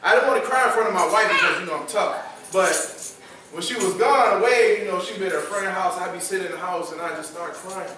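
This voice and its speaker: A young man tells his testimony in a chatty, repetitive style that swells into shouted preaching. His voice is high and bright. The sound comes from far off in a very echoey church hall. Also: a little fast, a little hiss or hum. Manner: builds from quiet storytelling to shouted preaching; conversational, repeats phrases for emphasis. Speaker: youth service speaker. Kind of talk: testimony sermon.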